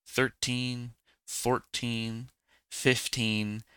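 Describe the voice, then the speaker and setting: A man voicing a cheerful, curious little boy snowflake in a storybook, eager and excitable. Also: deep voice, a little slow, gravelly, dry recording, heavily acted.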